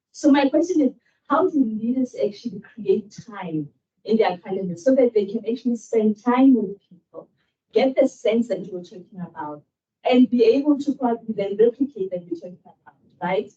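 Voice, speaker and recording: A woman's voice: a little high, expressive, normal speed, mellow, recorded from a distance, highs cut off. A woman moderating a panel, asking thoughtful, winding questions full of fillers.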